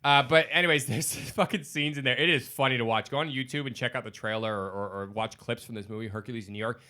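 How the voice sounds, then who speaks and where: A man hosting a casual podcast chat, his voice bright and forward. He talks with enthusiasm and swears easily as he rattles through lists of films. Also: mid-range voice, fast. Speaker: podcast host.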